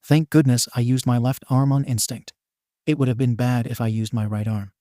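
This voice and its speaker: A man's voice: mid-range voice, little pitch movement, moderate pace, dark tone, no echo, studio quality, close to an everyday voice. A man reading the lines of an earnest young male hero in training, in a fan storybook reading. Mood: reassuring.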